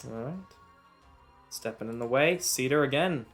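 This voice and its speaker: A man runs a tabletop game, describing the combat and pausing to explain rules with plenty of uhs. His pitch sits in the ordinary middle. Faint music plays behind him. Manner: explains rules patiently, many filler uhs. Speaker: game master. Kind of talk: narrating and refereeing a tabletop game.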